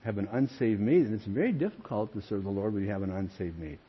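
A man's voice: fairly low pitch, fast, breathy edge, highs cut off. An older man, a pastor, preaching a sermon with earnest emphasis and calling his listeners friends.

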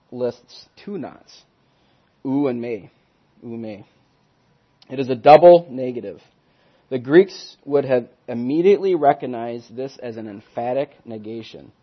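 An earnest man teaches a Bible study at a middle pitch. He punches his key words and then lets each phrase trail away quietly. The recording sounds dull and lo-fi. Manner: earnest, emphatic, swings from loud stresses to soft trailing ends.

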